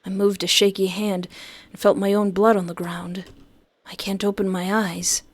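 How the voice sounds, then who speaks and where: A woman's voice: mid-range voice, normal speed. A woman playing a horror visual novel, reading the text aloud and reacting in a jokey, dramatic way. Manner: animated, jokey, dramatic outbursts.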